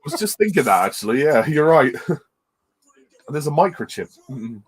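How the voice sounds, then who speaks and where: A man doing casual film commentary, sarcastic and quick to laugh. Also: a little high, big pitch swings, breathy edge, rough recording. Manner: giggly, sarcastic.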